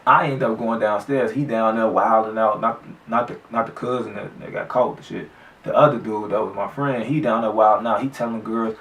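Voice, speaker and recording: Brief: man, gravelly vocal fry, loose profane street storytelling, echoey room, off-mic. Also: on the low side, steady tone, brisk, a bit bright, distant mic. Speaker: vlogger telling his own story. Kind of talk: casual story time.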